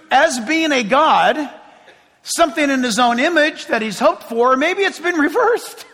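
Give me a male pastor preaching with a conversational, joking manner, dropping to a hush and rising again, with long hall reverb. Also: very high voice. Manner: conversational, joking, swings between loud and hushed. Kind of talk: sermon. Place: church sanctuary.

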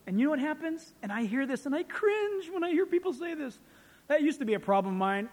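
Pastor guy preaching, high voice, acts stuff out, long echo in a big hall. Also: fast. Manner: animated, acts out scenes. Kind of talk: sermon.

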